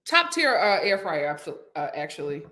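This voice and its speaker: A woman's voice: low-pitched, sing-song, moderate pace, pushed and bright. A woman hosting a casual live stream from home, chatting and reading viewer comments aloud.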